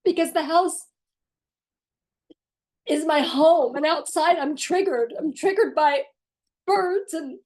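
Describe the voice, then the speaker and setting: A woman's voice: high voice, slow, pauses often, darkish tone, pitched above the performer's own voice. A woman voicing a whiny, self-pitying young boy with mocking, exaggerated pleading.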